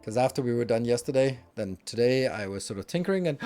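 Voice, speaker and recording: A man's voice: mid-range voice, expressive, quick pace, warm tone, soft background music. Chatty male game streamer. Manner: rambling and chatty, with swearing and laughs. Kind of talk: casual gameplay commentary.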